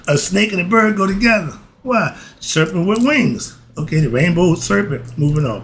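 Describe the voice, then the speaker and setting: A man who speaks gives a lively spiritual lesson. He keeps asking himself questions and answering them, and he laughs often. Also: on the high side, slight background noise. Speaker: spiritual philosophy teacher.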